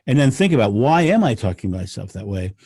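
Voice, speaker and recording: A man, a podcast guest, talking in casual conversation, animated and laughing often as he rants. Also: fairly low pitch, quick pace, breathy edge, no echo, clean studio sound.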